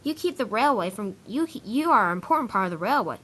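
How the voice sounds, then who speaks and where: A kindly toy engine, voiced by a woman, offering reassurance. The pitch rises and falls freely. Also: lively intonation, quick pace, fairly bright tone. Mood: encouraging. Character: kind, wise toy engine friend.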